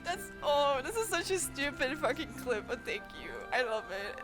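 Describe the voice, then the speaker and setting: A woman's voice: high voice, big pitch swings, normal speed, hardly any pauses, music in the background. A young woman from Germany streaming casual chat with viewers, sleepy and giggling until she cries with laughter. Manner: giggly, laughs at her own jokes.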